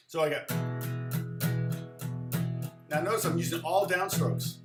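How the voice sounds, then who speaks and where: A middle-aged guitar teacher gives a casual live lesson, rambling and chatty, restarting often and wandering into side stories. His voice is high and fairly quick, with frequent pauses, and the room sounds echoey.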